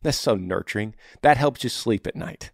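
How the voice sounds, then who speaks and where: A man's voice: mid-range voice, animated, moderate pace, dry recording, studio quality. Blunt, earnest male podcast host. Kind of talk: casual advice podcast.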